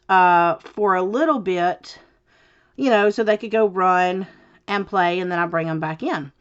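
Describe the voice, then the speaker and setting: A woman talks through her crafting at home in a slow, unhurried drawl with a lowish voice. She rambles, restarts and fills gaps with ums. The recording sounds a bit dull and lo-fi. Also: a bit bright. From Southern United States. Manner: rambling, many fillers and restarts, chatty. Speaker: crafting channel host. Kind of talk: casual chat while crafting. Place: home, indoors.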